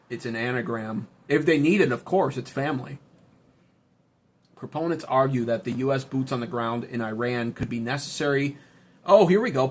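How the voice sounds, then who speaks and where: A man hosting a political livestream, reading chat and ranting in a profane, sarcastic, heated way. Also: mid-range voice. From United States. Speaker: political commentary streamer.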